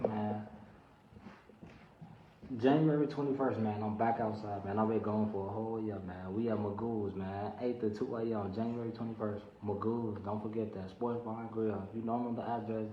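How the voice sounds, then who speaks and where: Laid-back young rapper, noisy room. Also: male voice, on the low side, little pitch movement, moderate pace. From Chicago. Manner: laid-back, slangy, promotional shout-outs. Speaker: guest hip-hop artist. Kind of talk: casual radio interview. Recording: roomy, dull lo-fi sound with noise.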